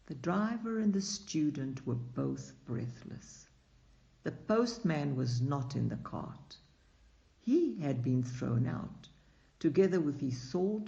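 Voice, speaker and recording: Gravelly male audiobook narrator, slow and unhurried, slightly dull lo-fi sound. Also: fairly high pitch, dark tone. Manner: slow, unhurried reading with acted dialogue. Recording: dull lo-fi recording.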